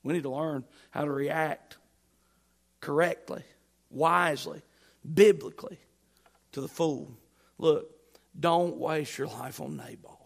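A middle-aged man preaching a sermon, emphatic and rising to loud peaks, mixing humorous stories into his teaching. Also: fairly high pitch, slow pace, creaky, long pauses. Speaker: pastor.

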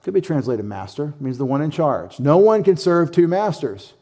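Preaching emphatically from scripture, this middle-aged pastor speaks at normal speed in a fairly high, mellow, sing-song voice. He questions his listeners and performs brief imagined replies of theirs.

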